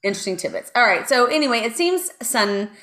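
A woman's voice: a little high, sing-song, quick pace, sharp tone. A woman co-hosting a podcast, casually telling a true crime story with lots of asides. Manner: chatty, lots of ums and asides, reads from notes. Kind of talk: casual chat.

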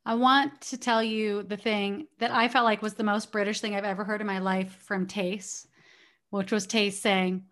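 A woman co-hosting a casual chat, telling gossipy stories in an animated way. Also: mid-range voice, normal speed. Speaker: podcast co-host.

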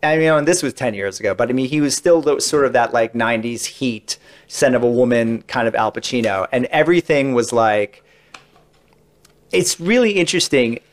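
A man's voice: mid-range voice, moderate pace. A man on a podcast, chatting casually as a guest and telling long stories about interviews he has done, with lots of asides. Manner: chatty, rambling, many asides. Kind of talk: casual anecdotal storytelling.

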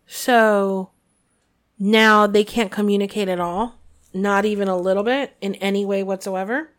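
A woman's voice: mid-range voice, fairly even intonation, a little slow. Chatty woman podcast co-host. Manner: chatty, opinionated, lots of fillers. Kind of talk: casual chat, reading a book aloud.

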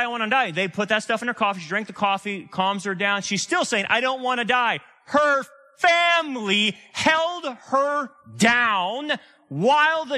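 A middle-aged male pastor preaching a sermon, animated and sarcastic, with casual slang and big swings between loud and hushed delivery. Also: on the high side.

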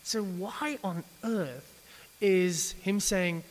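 A man's voice: high-pitched, very slow. A man preaching an evening sermon, talking conversationally and often stumbling and restarting his sentences. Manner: conversational, with frequent stammered restarts. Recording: reverberant hall with faint hiss.

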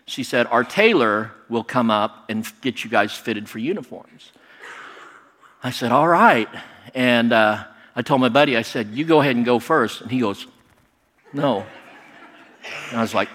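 Male storyteller, lively, voices the quotes himself, long hall reverb. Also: mid-range voice. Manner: animated, acts out quoted voices. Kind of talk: personal storytelling to an audience.

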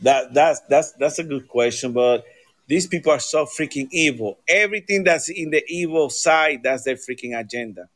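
A man's voice: a little high, moderate pace, a bit bright. A man co-hosting a casual political talk show, ranting angrily and swearing often. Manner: profane, angry ranting. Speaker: podcast co-host.

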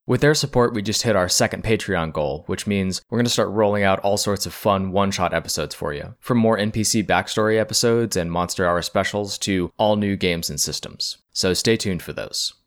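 Man, game master, fairly low pitch, calm descriptive narration, tabletop role-play. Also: a little fast, few pauses.

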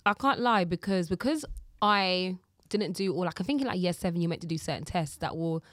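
A woman's voice: lowish voice, fairly quick, no echo, clean studio sound. A young woman from Jamaica touched by speech, chatting as an interview guest, laughing often and acting out her stories. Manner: lively storyteller, laughs often, acts out quotes. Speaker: guest, live host and presenter. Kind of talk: casual interview chat.

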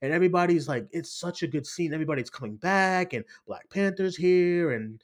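Animated swearing man in casual chat. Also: on the high side, a little fast. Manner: animated, swearing, laughing retellings. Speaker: podcast co-host. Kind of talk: casual pop-culture chat.

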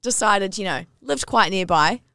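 A woman's voice: medium pitch, expressive, normal speed, vocal fry, bright, forceful tone, dry recording, clean studio sound. A woman co-hosting a podcast, telling a personal story in casual chat and rising to squeals at the big moments. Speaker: podcast co-host.

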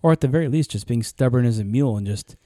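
A man co-hosting a podcast, easygoing and quick with joking asides. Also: mid-range voice, mellow, dry recording, studio quality. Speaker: podcast co-host. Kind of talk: casual podcast talk.

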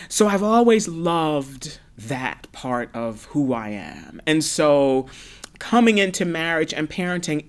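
A woman in her fifties from Brooklyn, New York, a parent and podcast guest. She tells her story earnestly and from the heart, often restarting and repeating for emphasis. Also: on the low side. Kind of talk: casual conversational storytelling.

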